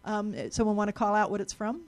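Woman, live presentation, gravelly voice, middle pitch, chatty explaining, lots of restarts and repeated words, lecture room. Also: steady tone, fast.

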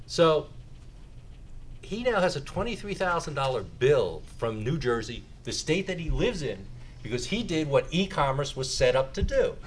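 Animated, joking male lecturer. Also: fairly high pitch, moderate pace, a little hiss or hum. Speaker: lecturer on sales tax. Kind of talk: lecture with audience questions.

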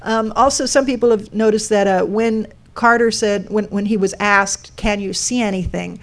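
A woman's voice: mid-range voice, fairly even intonation, moderate pace. A woman giving a talk to a live audience, explaining step by step and putting questions to the room. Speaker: speaker giving a talk on a code sculpture.

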